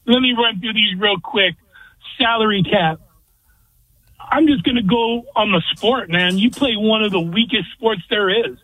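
A man's voice: high-pitched, unhurried, sharp tone, no room sound. A man calling in to a sports talk radio show, giving blunt, opinionated rants. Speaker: caller. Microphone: phone. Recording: dry tinny phone line.

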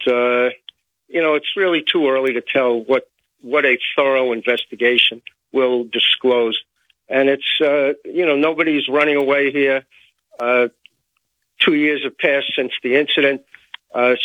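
A man speaking as a guest on a radio show, measured and hesitant, with many fillers. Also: mid-range voice, fairly even intonation, dry recording. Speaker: phone-in guest. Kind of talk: call-in radio commentary. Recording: tinny phone line.

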